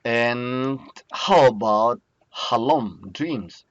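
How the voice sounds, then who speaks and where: Male lecturer, slow drilling delivery, dry lo-fi recording. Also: fairly low pitch, no room sound. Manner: slow, repeats each word to drill pronunciation. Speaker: Biblical Hebrew teacher. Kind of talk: recorded lecture over slides.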